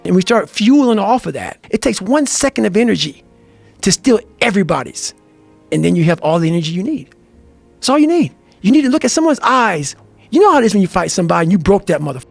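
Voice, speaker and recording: A man's voice: sits high, animated, a little fast, vocal fry. A man telling intense motivational stories in an emphatic, profane, fiery manner. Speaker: guest. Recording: music bed under the voice.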